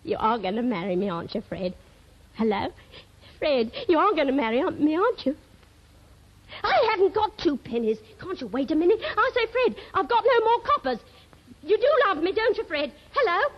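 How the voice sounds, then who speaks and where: A woman's voice: high-pitched, big pitch swings, normal speed. An actress playing a young woman on the telephone to her sailor sweetheart, clingy and jealous, chattering breathlessly in a 1930s radio comedy. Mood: pleading. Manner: breathless one-sided phone chatter, fretful and pleading. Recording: dull old radio archive recording.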